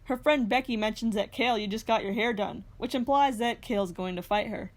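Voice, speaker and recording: A woman's voice: fairly high pitch, fairly quick. A young woman narrating a reality TV recap in a scripted way, with sarcastic, snarky asides. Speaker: recap host.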